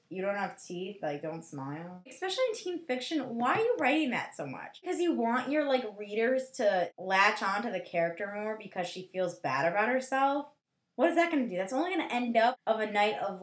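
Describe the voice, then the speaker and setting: A young woman giving a rambling, sarcastic book review, full of "like" fillers. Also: medium pitch. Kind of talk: casual vlog book review.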